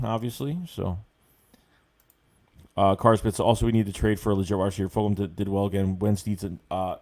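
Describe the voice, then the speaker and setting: A man with a somewhat low voice hosts a casual livestream, reading out chat comments and reacting to each one. He talks bluntly and swears freely, full of fillers and repeated phrases. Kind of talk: casual sports livestream rant.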